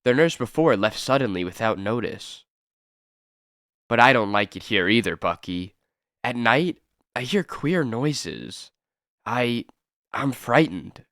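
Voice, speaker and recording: Man doing a nervous, hushed young nurse. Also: medium pitch, lively intonation, slow, long pauses, no room sound, studio quality. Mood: frightened. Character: frightened young woman nurse.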